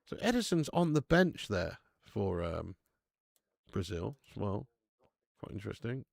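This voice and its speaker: Creaky-voiced lad hosting a watch-along. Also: male voice, lowish voice, sing-song, a little slow, no echo. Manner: casual, chatty, banters with viewers, swears. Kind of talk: live football watch-along commentary and chat reading.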